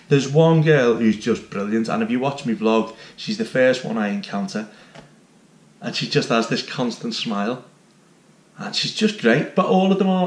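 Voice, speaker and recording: An enthusiastic man, chatting casually as he reviews a theme park. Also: mid-range voice. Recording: roomy echo.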